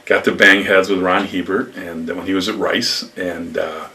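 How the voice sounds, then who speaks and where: An older man from upstate New York, a former lacrosse coach, telling rambling stories in an interview with lively acted quotes. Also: deep voice, normal speed, recorded from a distance. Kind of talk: storytelling interview.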